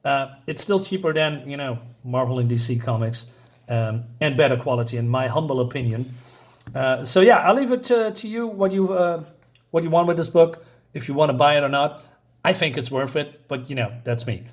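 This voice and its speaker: A man's voice: mid-range voice, normal speed. A man giving a casual comic book review, rambling with many fillers and self-corrections and reading the dialogue aloud in a mostly plain voice.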